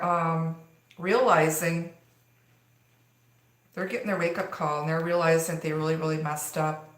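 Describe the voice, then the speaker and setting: A woman's voice: on the low side, fairly bright tone. A woman giving a live tarot reading, talking in a rambling way with many fillers. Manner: rambling, filler-heavy delivery. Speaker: tarot reader. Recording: echoey room.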